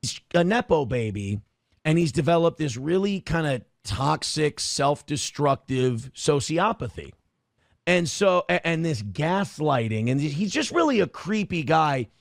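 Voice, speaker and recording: A man's voice: on the high side, big pitch swings, unhurried, creaky, no room sound, clean studio sound. A man co-hosting a podcast, talking in a blunt, scornful, profane way. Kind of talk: casual podcast commentary.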